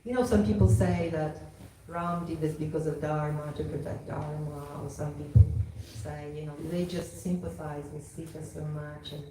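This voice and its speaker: A woman's voice: sits low, fairly even intonation, normal speed, noisy background. A woman telling a devotional story at a temple gathering in a casual way, often saying "you know". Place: temple hall. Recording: echoey hall from far off.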